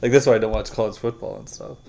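A man in casual chat who giggles and makes quick remarks. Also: fairly low pitch, steady tone, vocal fry, warm tone.

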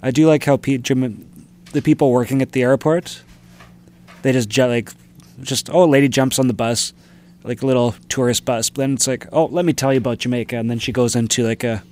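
A man's voice: medium pitch, steady tone, brisk, darkish tone. A man co-hosting a casual podcast chat, recounting things hesitantly, often trailing off and restarting. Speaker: podcast co-host.

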